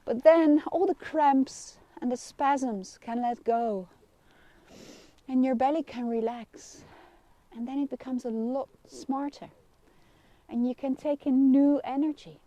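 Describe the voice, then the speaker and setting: Warm-voiced Dutch woman guiding gently. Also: high-pitched, no echo. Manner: gentle, soothing guidance with frequent soft laughs. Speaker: kinesiologist. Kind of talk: live-streamed wellness lesson.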